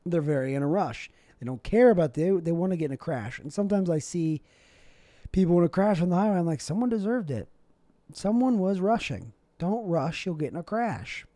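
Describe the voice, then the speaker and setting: A young man rambles through a deadpan comedic monologue, his pitch jumping around a lot as he goes. The tone is warm and mellow, and the recording is dry and close with no room sound. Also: brisk, no echo. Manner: deadpan, rambling, absurd asides. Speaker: comedic vlogger.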